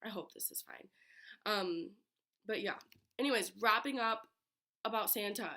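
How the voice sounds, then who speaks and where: A young woman from Michigan, raspy from being sick, chatting casually on her bedroom floor into a laptop. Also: mid-range voice, unhurried, sharp tone. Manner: chatty, many filler "like"s. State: getting over being sick. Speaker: vlogger. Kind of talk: casual chat.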